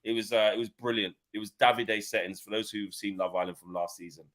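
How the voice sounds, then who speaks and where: A man co-hosting a casual football podcast, talking in an animated, rambling way. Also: lowish voice. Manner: rambling, animated, quick to laugh.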